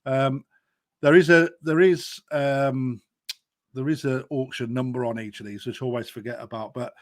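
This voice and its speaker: A man hosting a live fish auction, chatting casually, bursting loud and then dropping to quiet asides. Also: medium pitch, fairly even intonation, moderate pace. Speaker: auction host.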